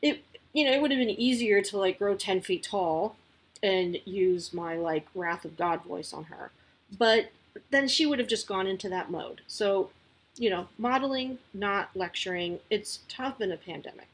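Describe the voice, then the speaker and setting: A woman's voice: medium pitch, lively intonation, moderate pace, rough recording. A woman talking casually as a parent sharing advice, candid and chatty with lots of asides.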